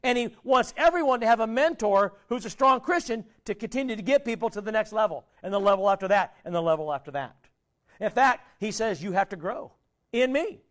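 Male pastor, very high voice, conversational sermon, quizzes the congregation, trails off quietly at phrase ends. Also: lively intonation, brisk. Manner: asks the congregation many questions, conversational preaching.

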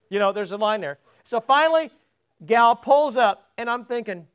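A man's voice: very high-pitched, lively intonation, normal speed, clear, resonant tone. A man preaching a sermon as pastor, chatting with the congregation and putting questions to them. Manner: conversational, asks the congregation questions. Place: church sanctuary.

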